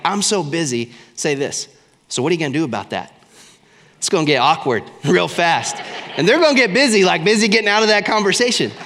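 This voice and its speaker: A young male pastor delivers an energetic, conversational sermon, joking and acting out short exchanges. His voice sits high for a man. A long reverb trails behind him, as if he speaks in a large hall. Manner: energetic, casual and humorous, acts out quick dialogues.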